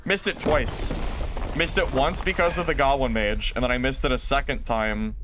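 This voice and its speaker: Streaming a game live, a man talks through his play and answers chat with self-mocking exasperation. His medium-pitched voice is a bit bright with fairly even intonation and normal speed, and there's slight background noise.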